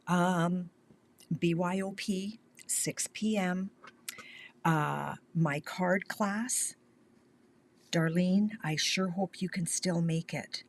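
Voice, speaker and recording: An older woman from Canada hosting a live craft stream, chatting warmly and reassuringly, often sinking to a near whisper, with the hiccups. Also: lowish voice, extremely slow. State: has the hiccups. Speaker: independent craft demonstrator.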